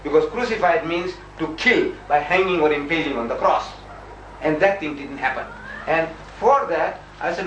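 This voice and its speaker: A man makes his case in a debate with emphatic, argumentative force, slipping into little performances of the people he quotes. His voice sits a bit high, and he is heard from a distance in an echoey room. A faint hiss runs underneath the whole old recording. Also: moderate pace, fairly bright tone. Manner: emphatic, argumentative, acts out voices when quoting. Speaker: religious debater. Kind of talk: lively debate with dramatized quotes. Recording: echoey room, far from the mic, faint noise.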